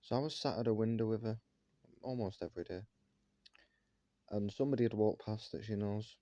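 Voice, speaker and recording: A man's voice: lowish voice, brisk, dark tone, no room sound, dull audio. A man ranting to his viewers in an indignant monologue, firing one rhetorical question after another. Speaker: vlogger.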